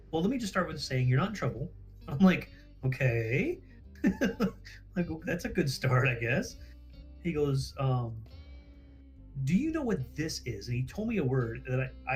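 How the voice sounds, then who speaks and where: Man telling a story on a livestream. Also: mid-range voice. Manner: acts out quoted dialogue, swears freely, laughs at himself.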